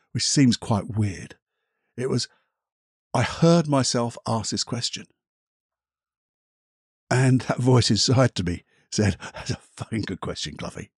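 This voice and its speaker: A middle-aged man, a hypnotherapist hosting his own podcast, telling a personal story in a reflective, candid way with casual swearing and halting pauses. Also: medium pitch, darkish tone, husky, no echo, studio quality.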